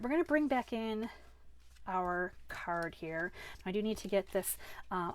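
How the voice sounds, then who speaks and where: A woman hosting a live card-making class, chatty and self-deprecating, who laughs off her own mistakes as she works. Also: medium pitch. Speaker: crafting class host.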